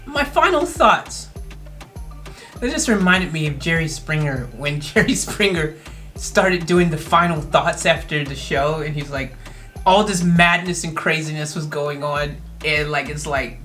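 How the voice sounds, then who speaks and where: A woman's voice: low-pitched, a little slow, a bit bright, soft background music. A woman from the United States hosting a casual reaction video, rambling and self-mocking with lots of fillers.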